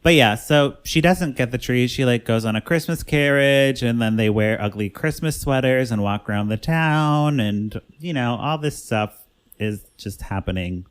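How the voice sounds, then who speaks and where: A man's voice: medium pitch, moderate pace, clean tone. A man hosting a podcast, loosely recapping a movie plot in casual chat with lots of fillers. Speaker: podcast host.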